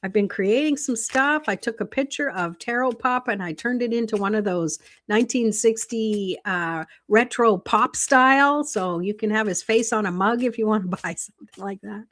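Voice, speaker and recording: A woman's voice: medium pitch, fairly bright tone. A middle-aged woman hosting a tarot live stream, chatting casually, laughing often and reading viewer comments aloud.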